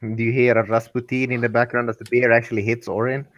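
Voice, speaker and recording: A man's voice: mid-range voice, little pitch movement, quick pace, dry recording, muffled recording. A man playing in a tabletop game, with wry, laid-back banter. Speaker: player. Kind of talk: casual tabletop game chat.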